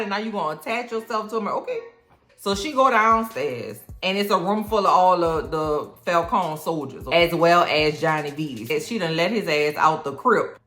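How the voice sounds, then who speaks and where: Sassy woman recapping a show, lively sing-song delivery, lower-pitched, echoey room, faint music. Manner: slangy, sassy, peppered with "okay?". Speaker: TV recap vlogger. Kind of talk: casual episode recap.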